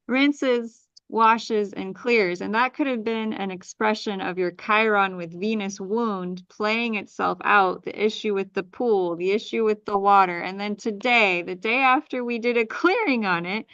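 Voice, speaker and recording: A woman hosting an astrology workshop over a video call, giving a reading and running an energy clearing in rhythmic, chant-like lists. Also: medium pitch, a bit bright, no echo, dull audio.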